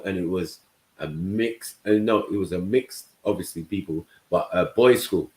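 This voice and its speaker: Casting note: very low male voice, casual storyteller, echoey room. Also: normal speed, darkish tone. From England. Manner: storytelling, keeps checking in with "you know what I mean". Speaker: panel host. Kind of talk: casual panel chat.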